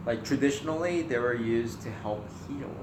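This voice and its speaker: A man co-hosting a casual Q&A vlog, easygoing and soft-spoken. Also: mid-range voice, normal speed, roomy sound, heavy background noise. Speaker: co-host. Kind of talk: casual Q&A chat.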